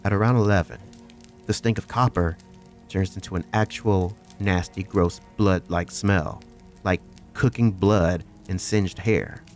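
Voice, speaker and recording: A man's voice: deep voice, fairly even intonation, a little slow, a little mellow, faint music behind. A man narrating a first-person horror story in a profane, conversational way.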